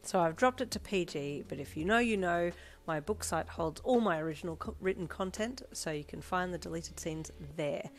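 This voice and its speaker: A woman reading a second-person fanfiction story aloud in an expressive narrating voice. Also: on the low side, moderate pace. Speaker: fanfiction reader. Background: soft backing music.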